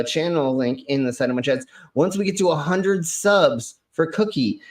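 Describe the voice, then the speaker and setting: A man hosting a casual stream, joking around and rambling with frequent restarts. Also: medium pitch. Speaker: stream host. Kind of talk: casual drinking-stream chat.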